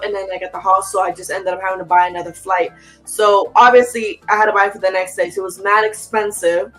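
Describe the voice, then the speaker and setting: A woman's voice: mid-range voice, rough recording. A young woman, an interview guest, telling a story in casual chat with slang and acted-out quotes. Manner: animated, fast slangy storytelling with reenacted quotes.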